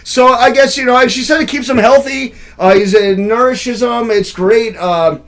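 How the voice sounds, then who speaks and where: A man's voice: extremely high pitch, normal speed. A young man hosting a live web show, reading odd news stories and riffing on them crudely with frequent laughter. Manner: laughs often, rambling and irreverent. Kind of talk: loose crude comedic news chat.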